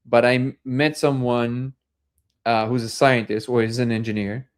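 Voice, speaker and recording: A man hosts a casual live discussion, his voice sitting at an ordinary middle pitch. He rambles through his stories, circling back with fillers and restarts. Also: little pitch movement, moderate pace, clean tone. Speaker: host.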